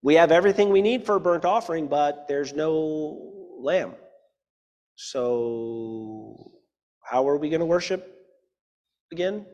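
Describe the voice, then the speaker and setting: A man's voice: fairly high pitch, slow, long pauses, darkish tone, long reverb tail. A man voicing a teenage boy who earnestly questions his father, in a sermon retelling. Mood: puzzled.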